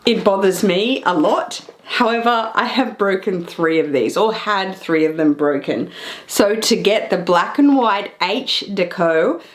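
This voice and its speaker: A woman in her thirties chatting casually to camera, showing off purchases with excited, drawn-out emphasis. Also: mid-range voice. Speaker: fashion vlogger. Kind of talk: casual haul chat to camera.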